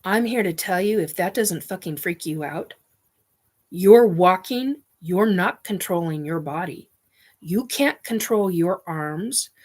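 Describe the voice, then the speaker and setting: A woman's voice: lowish voice, unhurried, breathy edge. A woman host telling a personal story bluntly, with frequent restarts and casual swearing.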